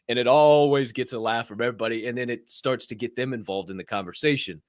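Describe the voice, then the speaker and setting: A young man co-hosting a podcast, telling stories loudly and swearing freely in casual chat. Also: medium pitch, fast talker, hardly any pauses, no echo, clean studio sound. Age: young adult. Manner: loud, animated storyteller, swears freely. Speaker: podcast co-host. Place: podcast studio.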